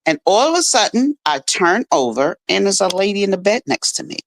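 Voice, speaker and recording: A woman's voice: medium pitch, sing-song, brisk, a little hiss or hum. A middle-aged woman, a radio guest, telling a personal story in an earnest, emotional way. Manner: earnest, emotional, restarts often. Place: radio studio.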